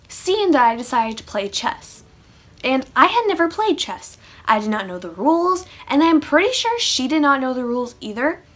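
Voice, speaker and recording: A woman with a high, fairly bright voice chats through a funny storytime vlog, a casual monologue sprinkled with sarcastic asides.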